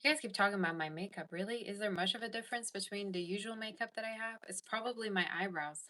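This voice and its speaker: A woman's voice: mid-range voice, quick pace, pushed and bright. A woman hosting a casual tarot livestream, chatting and reading viewer comments aloud. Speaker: tarot reader and livestream host.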